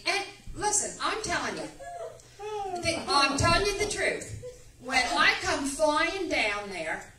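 A woman giving a rambling, emphatic testimony in church. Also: high voice. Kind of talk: animated testimony storytelling. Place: church sanctuary. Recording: echoey church room, distant mic.

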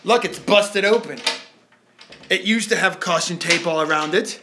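A man in his thirties, a dad hosting a live family toy stream from home, chatting loosely with his kids and reading viewer comments fast, joking and tripping over his words. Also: high voice, background noise. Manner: loose, joking, reads comments quickly and stumbles. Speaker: family channel host, dad. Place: home, indoors.

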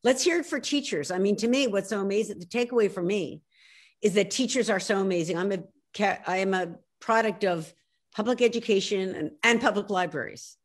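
A woman in her sixties from Philadelphia with a Philly accent, talking as an author guest in a video call interview, animated and emphatic, often restarting her sentences. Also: mid-range voice, brisk.

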